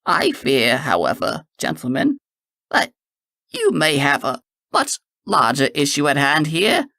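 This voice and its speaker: An eccentric, smooth-talking time traveler, as a male narrator puts him on for an audiobook. He bluffs in a glib, officious manner. The voice sits slightly above the narration and is recorded dry and close. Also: on the high side, huge pitch swings, a little slow, bright, forceful tone, dry recording, heavily acted. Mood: grave.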